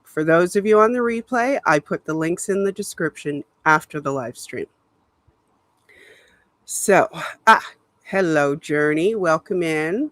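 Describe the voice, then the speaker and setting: A woman's voice: sits low, animated, unhurried, long pauses, fairly bright tone, no room sound. Woman, stream host from Canada, leisurely and chatty with frequent laughs, dry close webcam sound. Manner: chatty, laughs often, greets viewers in chat by name. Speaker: livestream host. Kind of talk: casual live-stream chat. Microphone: laptop webcam mic.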